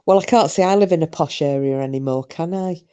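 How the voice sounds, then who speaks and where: A woman's voice: deep voice, a little fast, mellow, clear, resonant tone. A middle-aged woman, hosting a live stream and chatting casually with viewers, rambling and swearing freely. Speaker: livestream host reading chat.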